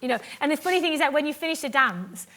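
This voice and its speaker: A woman from Cumbria, a guest on a live festival stage, chatting in an animated, self-mocking way, laughing often and acting out what others said to her. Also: high-pitched, rapid-fire. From Cumbria, England. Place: festival stage before an audience. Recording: live stage mic with audience ambience.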